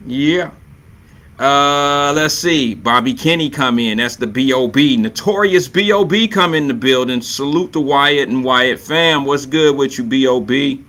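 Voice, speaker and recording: A man's voice: medium pitch, unhurried, bright, forceful tone. A man hosting a live stream talk show, chatting loosely with viewers and reading their comments, playful and prone to repeating his catchphrases.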